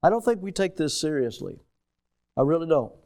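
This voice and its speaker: Pastor, male, high-pitched, emphatic sermon delivery with loud-soft swings. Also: big pitch swings, fairly quick. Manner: emphatic preaching that swings between loud stresses and hushed asides.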